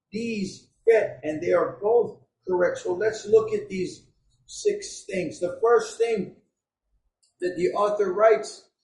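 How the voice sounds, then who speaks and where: High-pitched man preaching slow n passionate, echoey church room. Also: slight background noise. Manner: impassioned, shouting at peaks, emotional. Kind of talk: sermon. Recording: roomy echo.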